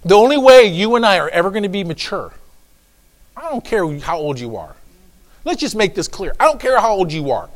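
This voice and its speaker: A pastor preaching a sermon, emphatic and repetitive, folksy with joking asides, swinging from low asides to shouts. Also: male voice, big pitch swings, a little fast.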